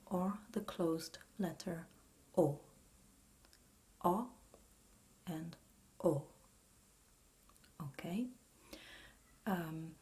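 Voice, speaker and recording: A woman with an Italian accent whispers her way through a language lesson in a slow, patient ASMR role-play. Her low, breathy, mellow whisper lingers on each word and invites you to repeat after her. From Italy. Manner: slow, patient whispered teaching, drawing out words for the listener to repeat.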